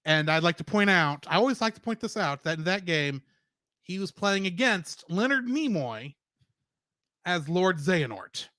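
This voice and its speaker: A man's voice: sits high, moderate pace, dry recording, clean studio sound. A man co-hosting a podcast, talking casually and laughing often as he runs through a cast list. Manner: laughs often, animated and chatty. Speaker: podcast co-host.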